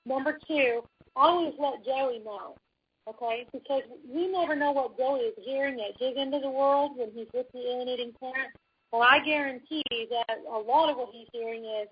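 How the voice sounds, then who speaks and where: A woman co-hosting a talk show, giving calm, instructive advice. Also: a little high, moderate pace, husky. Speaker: podcast co-host. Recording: dull lo-fi audio.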